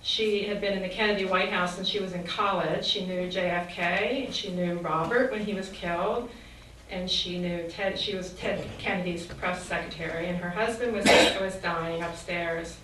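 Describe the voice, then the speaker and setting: A woman gives an earnest, reflective faith talk in a sermon style, often posing rhetorical questions. Her voice is fairly low and a bit bright, with fairly even intonation and normal speed. The recording is very echoey, with a distant mic, faint ambience, and slight background noise.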